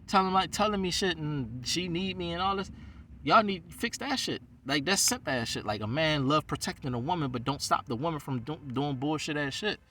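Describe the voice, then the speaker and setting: A man's voice: on the high side, lively intonation, fairly quick, sharp tone, far from the mic. A man who is a rabbi, venting in a heated, profane monologue. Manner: heated, ranting, heavy swearing.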